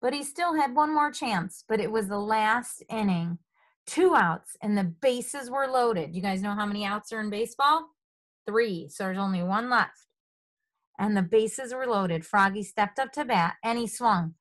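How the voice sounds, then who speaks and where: A woman reading a picture book aloud to children, animated, asking them questions as she goes. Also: mid-range voice, a little slow. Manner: animated, asks the listeners questions. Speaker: storybook reader.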